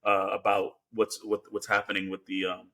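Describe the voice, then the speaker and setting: Guy on a podcast retelling a movie, kinda low voice, lots of uh and like. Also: completely flat delivery, moderate pace, pushed and bright. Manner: rambling, filler-heavy recap. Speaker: podcast co-host. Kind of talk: casual film review chat.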